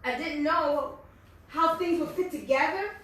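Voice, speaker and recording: A middle-aged American woman speaks with a high, bright voice and earnest, quick delivery. She is heard from a distance in a large hall that wraps her words in a strong echo. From United States. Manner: fast-talking, earnest and faith-filled. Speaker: network marketing leader and speaker. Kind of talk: motivational speech. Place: large echoey meeting hall. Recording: echoey hall from far off.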